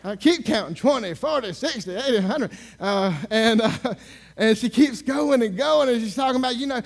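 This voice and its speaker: A male minister telling a story in a sermon, sarcastic and animated, acting out the people he talks to. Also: very high-pitched, fairly quick. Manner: sarcastic, animated storyteller who acts out dialogue.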